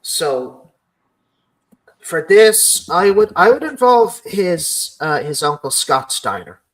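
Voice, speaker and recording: A man's voice: a little high, sing-song, slow, fairly bright tone, low-quality recording. A man hosting a casual podcast, rambling through his ideas with many "you know" fillers. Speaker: podcast host.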